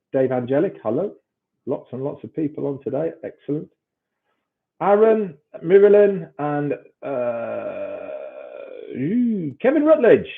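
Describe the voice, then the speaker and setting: Slow, gravelly man on a tinny stream. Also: medium pitch. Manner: reads out viewer names, stumbling over hard ones. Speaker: host greeting live viewers. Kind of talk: casual live-stream shout-outs. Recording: tinny phone-like stream audio.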